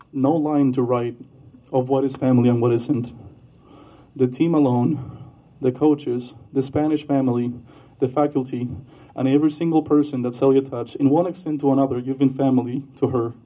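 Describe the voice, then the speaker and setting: A man giving a heartfelt memorial speech, halting, with fillers and soft laughs. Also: medium pitch, fairly even intonation. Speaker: memorial speaker, boyfriend. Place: Iowa.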